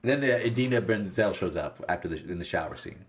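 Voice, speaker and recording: A man's voice: low voice, lively intonation, fairly quick. A man in casual conversation, enthusiastically talking through scenes of a film and acting out the characters' lines. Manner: enthusiastic, acts out quoted lines in voices. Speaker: podcast co-host. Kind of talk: casual movie discussion.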